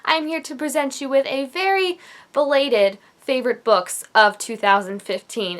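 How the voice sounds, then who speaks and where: A woman's voice: on the high side, a bit bright. A young woman chatting enthusiastically on her book vlog, gushing about her favorite reads. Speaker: book vlogger. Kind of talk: casual book review vlog.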